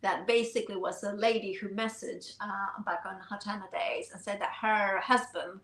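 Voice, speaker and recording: A woman with a Spanish accent and Spanish as her first language, telling stories in animated casual chat and laughing often. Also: medium pitch, moderate pace. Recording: roomy echo.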